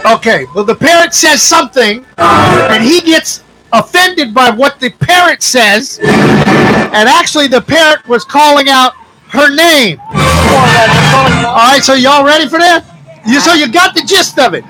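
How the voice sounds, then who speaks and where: A male morning-show host with a high voice who talks slowly and casually. He hypes up his audience in a folksy style, with loud music behind him. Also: expressive, low-quality recording.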